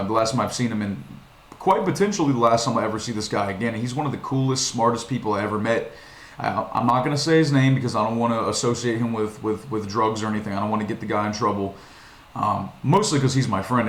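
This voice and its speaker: A young man from Virginia telling a story to his vlog viewers in a rambling, profane way, with many restarts. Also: fairly low pitch. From Virginia, USA. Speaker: vlogger. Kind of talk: casual storytelling monologue. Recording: echoey room.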